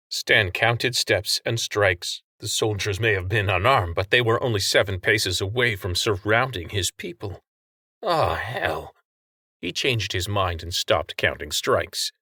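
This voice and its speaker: A man narrating a story aloud, steady and expressive. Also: on the low side, measured pace, husky, dry recording, clean studio sound. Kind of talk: audiobook narration.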